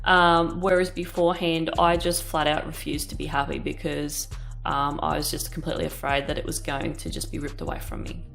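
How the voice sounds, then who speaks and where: A woman's voice: low-pitched, flat delivery, fairly quick, gravelly, fairly bright tone, faint music behind. A woman in her thirties chatting candidly while she paints, rambling and swearing casually. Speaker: art vlogger.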